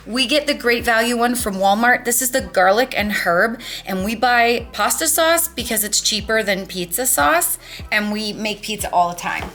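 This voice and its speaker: Bright, chatty woman vlogger. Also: fairly high pitch, moderate pace, soft background music. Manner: chatty, upbeat, enthusiastic. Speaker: vlog host. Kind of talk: casual food vlog chat.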